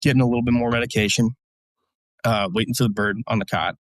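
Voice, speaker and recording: A man's voice: mid-range voice, steady tone, fast talker, dry recording. A man, a military veteran, casually telling blunt, profane war stories as a podcast guest, with many fillers. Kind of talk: casual storytelling.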